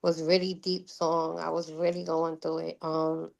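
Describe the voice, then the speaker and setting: A woman's voice: low voice, level tone, measured pace, gravelly. A woman with a thick Brooklyn New York accent, a musician guest talking candidly in slangy casual interview chat. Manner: candid, slangy, laughs often.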